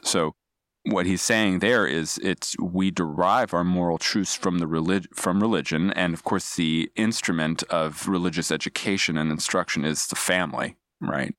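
A man's voice: low-pitched, fairly even intonation, normal speed, a bit bright, no echo, clean studio sound. A man speaking as a podcast guest, explaining ideas in a thoughtful, digressive way with frequent restarts. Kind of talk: casual analytical discussion.

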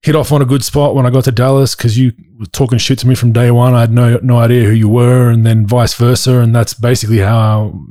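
A man's voice: mid-range voice, flat delivery, fairly quick, few pauses, mellow, no echo, clean studio sound. A man with an Australian accent hosting a casual podcast, blunt and laid-back, swearing freely. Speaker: podcast host.

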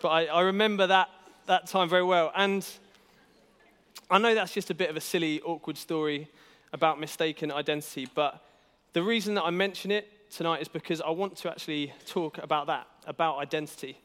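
A man's voice: a little high, brisk, a bit bright, clean tone. A young man, telling a self-deprecating story in a casual church talk, with many fillers and restarts. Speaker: youth worker giving a church talk. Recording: hall reverb.

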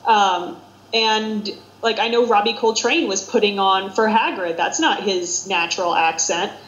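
A woman's voice: mid-range voice, a little slow. Chatty Midwestern woman, roomy lo-fi sound. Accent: Midwestern American. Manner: animated, rambling, self-deprecating. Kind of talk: casual chat.

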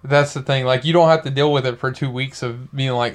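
A man's voice: mid-range voice, steady tone, brisk. A young man co-hosting a podcast, talking in a casual, earnest and reflective way. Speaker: podcast co-host. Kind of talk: casual chat.

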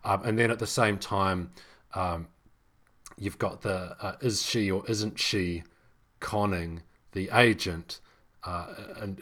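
A man's voice: sits low, fairly bright tone. A man co-hosting a podcast, discussing a film in casual chat with many restarts and fillers. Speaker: podcast co-host.

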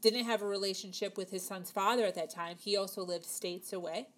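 Speaking a little fast with a steady, medium-pitched voice, this thirtysomething woman tells her viewers a personal story to camera. It's casual and chatty, packed with fillers, and she performs the dialogue as she goes.

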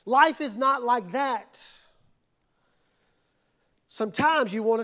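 A male pastor with a strikingly high-pitched voice delivers a sermon. He builds from quiet, measured reflection to impassioned outbursts, voicing desperate prayers aloud. He sounds middle-aged and fully invested in the preaching.

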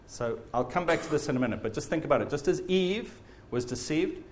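A man preaching a sermon in an earnest, animated way. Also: on the high side, fairly quick, slight background noise.

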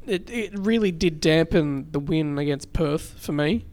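Man, podcast host, easygoing and chatty, higher-pitched voice. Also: a little slow. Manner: relaxed, chatty, laughs easily. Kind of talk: casual podcast chat.

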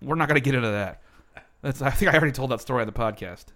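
A man's voice: medium pitch, racing, fairly bright tone. A man co-hosting a podcast, telling profane childhood stories in casual chat with frequent laughter. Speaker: podcast co-host.

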